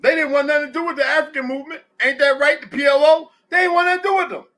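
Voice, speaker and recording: Bright, high-voiced man telling blunt stories. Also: steady tone, racing. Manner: blunt, profane storytelling. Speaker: host. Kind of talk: casual live audio chat.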